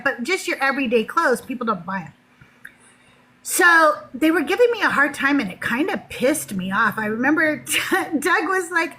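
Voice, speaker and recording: A woman's voice: high-pitched, fairly bright tone, rough recording. A middle-aged woman hosting a show, casually telling a story, laughing often and acting out the voices of people she quotes. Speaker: host.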